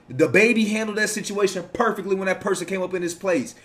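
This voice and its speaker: A man delivering casual reaction commentary with a fairly high voice. He preaches and rambles, swearing freely as he lectures his audience about how to live. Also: fast talker, hardly any pauses, fairly bright tone.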